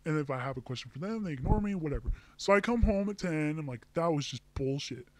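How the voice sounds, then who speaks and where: A man's voice: a little high, animated, fast talker, no room sound. A young man ranting to camera, telling a heated, profane story about a bad job with angry outbursts. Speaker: vlogger. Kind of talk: angry personal rant.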